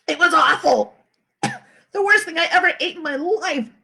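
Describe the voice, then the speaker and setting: A woman's voice: very high-pitched, normal speed, vocal fry, sharp tone. A school principal, a woman, reading a children's book aloud expressively for a live video, with asides to the kids. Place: home, during quarantine. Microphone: phone or laptop for a live video.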